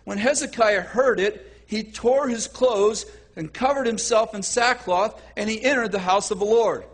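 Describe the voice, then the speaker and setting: A male preacher giving a lively sermon, acting out voices and often restarting his sentences. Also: high voice, unhurried. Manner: animated, acts out voices, self-correcting.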